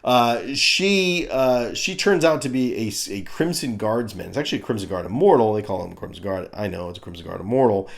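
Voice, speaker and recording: A man's voice: on the low side, animated, fairly quick, gravelly, hardly any pauses. A man in his fifties giving a crude, ranting comedic review of a cartoon.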